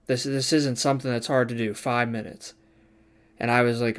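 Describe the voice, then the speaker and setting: A man's voice: mid-range voice, normal speed. A young man, a barber student, telling a story casually and acting out the people he quotes, swearing now and then.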